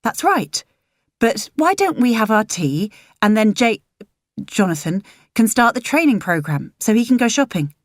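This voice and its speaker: A woman's voice: fairly high pitch, sing-song, a little slow, no room sound, studio quality, voice pushed up. A woman voicing a polite but determined young woman, raising her voice a little above her narration.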